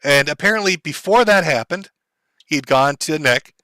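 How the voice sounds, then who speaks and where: Bright-voiced man commentator. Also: fairly high pitch, expressive, no room sound. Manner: measured, explanatory, many fillers. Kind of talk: commentary on a stream clip.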